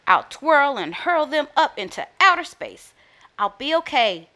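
A woman's voice: sits high, sing-song, measured pace, bright, forceful tone, voice pushed up, full character voice. A woman doing a timid, hopeful little rabbit boy.

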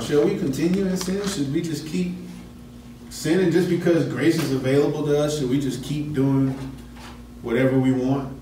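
A man leads a Bible class in a conversational way, pausing to check in with his listeners. He sounds set back from the mic in a very echoey room. A faint hum of room ambience sits behind him. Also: fairly high pitch, fairly even intonation, mellow, far from the mic. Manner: conversational, asks the class questions. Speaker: Bible study teacher. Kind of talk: teaching a Bible lesson.

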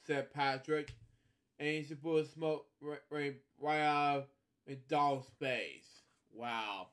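A man reading a children's storybook aloud in a casual way. His voice is a little high, and he stumbles, repeats words, and keeps breaking off for offhand comments. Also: steady tone, takes it slowly, fairly bright tone. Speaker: storybook reader and host. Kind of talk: casual read-aloud with chatty asides.

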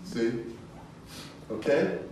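A man's voice: drawn-out words, far from the mic, a little hiss or hum. Man teaching Bible class in echoey room. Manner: animated, laughing storyteller, rises high when excited. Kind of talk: informal Bible study teaching.

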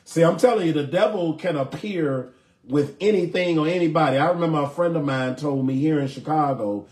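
A man preaching a sermon in a conversational way, often turning to his listeners to ask if they follow. His voice sits a bit high for a man, and the room gives it a roomy echo. He moves between reading scripture and plain talk. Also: brisk, a little mellow. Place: church in Chicago. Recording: echoey room.

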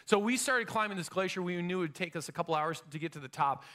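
A middle-aged man preaching a sermon as pastor in a church, energetic and conversational, with rising emphasis. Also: high-pitched, quick pace. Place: church sanctuary.

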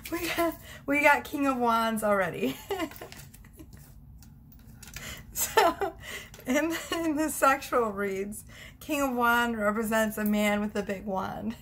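A young woman does a tarot reading at home, chatting casually, giggling often and cutting herself off mid-thought. Her voice is slightly high with a fairly bright tone, and a faint hiss or hum can be heard.

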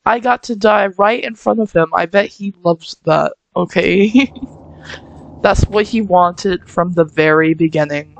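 A woman's voice: fairly low pitch, a little slow, gravelly, dry recording. A woman giving chatty let's-play commentary as she plays a video game, giggling and poking fun at herself. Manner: chatty, giggly, self-mocking. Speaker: gamer playing through a game.

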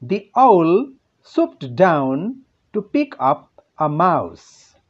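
A man with a Nepali accent teaching an English lesson, speaking slowly and deliberately, asking his pupils questions and answering them himself. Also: on the high side, big pitch swings. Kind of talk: classroom lesson narration. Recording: dull lo-fi home recording.

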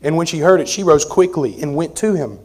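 A man preaching an expository sermon as pastor, conversational, moving between forceful emphasis and quiet asides. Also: fairly high pitch, brisk. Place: church sanctuary.

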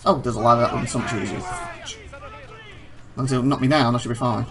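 A man's voice: medium pitch, steady tone, fast, fairly bright tone. A man hosting a let's play, commenting live and exclaiming in frustration at the game.

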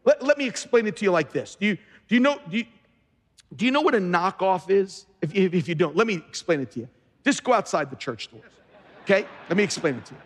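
A man preaching a sermon as pastor in a large church, emphatic and often repeating words as he starts sentences. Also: high-pitched. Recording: long reverb of a large hall.

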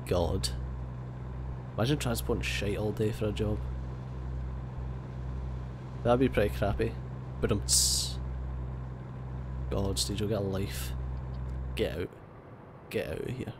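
A man's voice: lowish voice, a little slow, long pauses. A young Scottish man giving casual gameplay commentary, swearing and mock-raging at other drivers. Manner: profane, mock-angry banter at other drivers. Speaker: let's play host. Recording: steady background hum.

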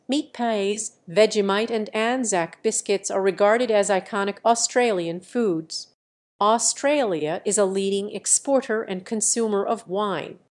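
A woman giving scripted encyclopedic narration, reading list-like facts in a steady, measured way. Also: medium pitch.

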